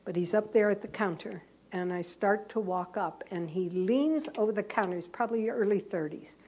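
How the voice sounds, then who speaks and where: A woman who is a Catholic nun, giving a talk to fellow sisters and telling a story in a lively, self-mocking way. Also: medium pitch, normal speed, a little hiss or hum. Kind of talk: storytelling sermon.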